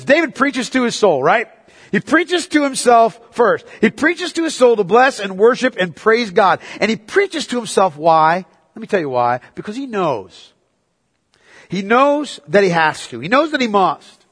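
A man preaching a sermon as pastor, swinging between quiet, low reflection and loud, excited exhortation. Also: moderate pace, breathy edge. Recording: long hall reverb.

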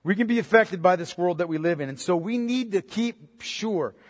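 Impassioned high-voiced preacher in a reverberant hall. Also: male voice, lively intonation, normal speed. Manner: impassioned, swings from loud high outbursts to low quiet emphasis. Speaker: pastor. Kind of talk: sermon.

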